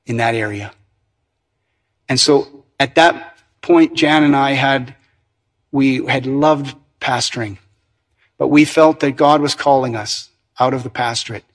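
Earnest husky-voiced male preacher. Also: medium pitch. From Canada. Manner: earnest storytelling with restarts. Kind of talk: testimony sermon.

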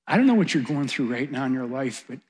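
A middle-aged man preaching a sermon, swelling to loud, fervent peaks and then dropping soft. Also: medium pitch, big pitch swings, fast talker. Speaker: pastor.

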